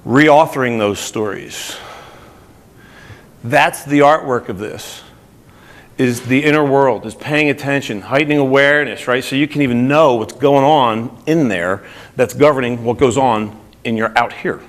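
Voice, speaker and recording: Speaking a little slowly in a mid-range voice, a motivational speaker from New Jersey addresses a group with energy. He keeps putting questions to his audience.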